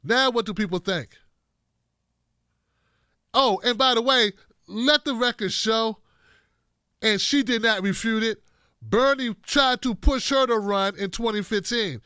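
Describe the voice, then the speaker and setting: A man's voice: extremely high pitch, a little slow, pauses often, pushed and bright, clear, resonant tone, dry recording, clean studio sound. A man giving blunt, profane political commentary, speaking straight to his viewers with heavy emphasis.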